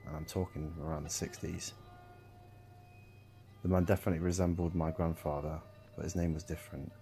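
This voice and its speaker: A man narrating a first-person horror story in a calm, measured way. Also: sits low. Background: faint guitar music.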